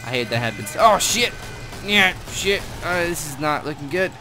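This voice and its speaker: A young man casually commentating a shooter game, swearing and shouting at enemies as he plays. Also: a little high, animated, normal speed, over music. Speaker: gameplay commentator. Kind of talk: casual gaming chat. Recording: game audio behind with clear gunfire noise.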